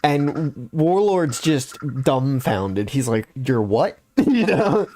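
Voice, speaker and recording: Young man, podcast host, casual storytelling, rambling, filler-heavy, mid-pitched. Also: very animated, slow, a little mellow, a little hiss or hum.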